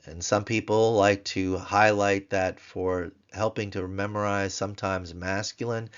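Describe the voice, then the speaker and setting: A man with a lowish voice teaches grammar at a very unhurried pace, saying each word several times so learners can copy it. The recording sounds dull and a little lo-fi. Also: flat delivery, clear, resonant tone. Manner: slow, repeats words for drill. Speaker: language teacher.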